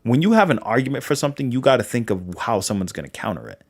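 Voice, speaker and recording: Animated man with a Boston accent. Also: mid-range voice, fast talker. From New England. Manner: rambling, animated, full of fillers and quoted dialogue. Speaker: livestream host. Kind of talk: casual livestream talk.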